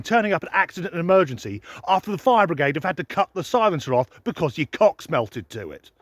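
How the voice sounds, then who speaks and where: A man's voice: high voice, no echo. A man delivering a sardonic, sweary comic rant to camera as a vlogger. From United Kingdom. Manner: sardonic, sweary, mock-incredulous. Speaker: comedy vlogger.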